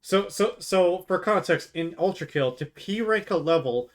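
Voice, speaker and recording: This drunk streamer has a high-pitched, animated voice at a normal speed. He drinks on a live stream, talking loosely to his chat, cursing, laughing often and restarting his rambling thoughts many times.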